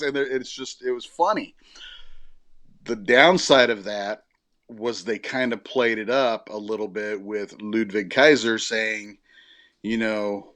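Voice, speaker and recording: Brief: male podcast co-host, mid-pitched, chatty and meandering, restarts his sentences, close and dry mic. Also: a little slow, pushed and bright, dry recording. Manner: rambling, self-correcting storytelling. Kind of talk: casual chat.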